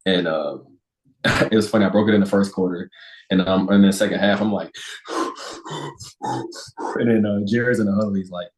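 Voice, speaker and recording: A young man, a football player, chatting as a guest and telling stories with laughs, raising his voice high to act out quotes. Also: fairly even intonation, moderate pace, long pauses, a little hiss or hum. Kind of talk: casual interview chat. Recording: roomy echo.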